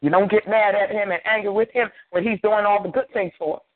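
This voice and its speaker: A pastor preaches his sermon in a somewhat high male voice, driving points home through repetition and call-and-response. The sound is dry with no room echo, and it comes through narrow and tinny like a phone line. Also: fairly even intonation, fairly quick. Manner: emphatic preaching with repeated phrases and call-and-response.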